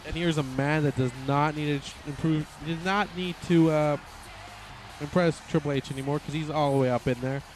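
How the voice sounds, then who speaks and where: A man giving casual, excitable play-by-play commentary on a wrestling video game, rambling and often correcting himself. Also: a little high, brisk, faint music behind.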